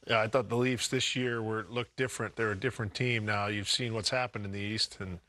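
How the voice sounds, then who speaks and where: A man's voice: lowish voice, fairly even intonation, fairly quick, sharp tone. A man giving hockey analysis on a talk show, joking and emphatic, often leaning on "listen" to make his point. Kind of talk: casual sports talk show banter.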